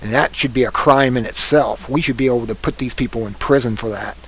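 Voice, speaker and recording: An American man giving an angry political rant, indignant and halting, stumbling over his words. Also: medium pitch, fairly bright tone, slightly rough, rough recording. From United States. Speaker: political commentator.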